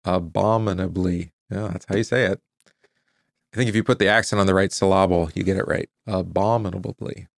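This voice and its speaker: A man with a lowish, gravelly voice reads scripture and then walks through a catechesis lesson. He asks his listeners questions and answers them himself, now and then tripping over a hard word. The sound is close and dry. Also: steady tone, fast, no room sound. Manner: stumbles over hard words and restarts them. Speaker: Bible teacher.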